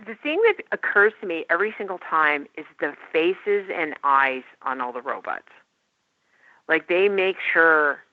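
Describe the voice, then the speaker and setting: A woman's voice: low-pitched, no room sound. A woman guest talking about technology in a chatty, enthusiastic way over a call. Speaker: tech guest. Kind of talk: casual podcast chat. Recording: phone-like line, dry.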